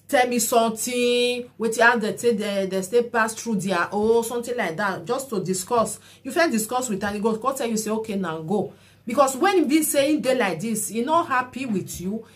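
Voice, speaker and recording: A woman speaking with a Nigerian Pidgin accent, her voice sitting a little high. She lectures in a chatty, preachy way and keeps adding "you know" as she talks. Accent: Nigerian Pidgin English. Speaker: vlogger commenting on a viral clip. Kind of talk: advice-giving commentary.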